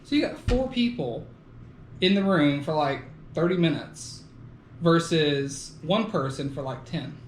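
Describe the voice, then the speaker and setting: A man's voice: fairly high pitch, animated, a little slow. A man hosting a podcast, talking casually and laughing often, with the odd swear word. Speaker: podcast host. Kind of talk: casual chat. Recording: echoey room with faint noise.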